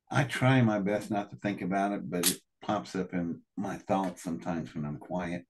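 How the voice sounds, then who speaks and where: An older man with a very low, husky voice tells his story as an interview guest. He acts out each line of dialogue himself and drops in the odd curse. He swings between raised outbursts and hushed, heavy passages. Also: normal speed, few pauses. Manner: animated, acts out quoted dialogue, swears. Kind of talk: emotional first-person storytelling.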